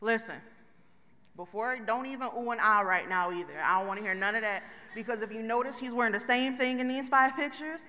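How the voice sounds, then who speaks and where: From the stage of a big conference hall, a woman with a high, bright voice gives a motivational talk, fairly quick and loosely joking as she addresses the live crowd directly. Long hall reverb trails after her words.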